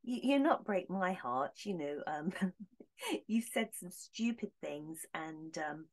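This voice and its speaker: A woman voicing a late male music legend who speaks calmly and forgivingly from heaven, unbothered by insults. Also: lowish voice, takes it slowly, heavily acted.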